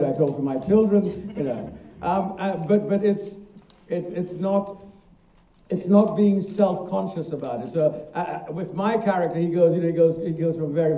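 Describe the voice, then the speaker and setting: A man answering at a festival talkback, halting and repeating words as he speaks. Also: on the high side, mellow. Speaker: actor on a panel. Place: cinema auditorium. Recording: roomy, distant, muffled.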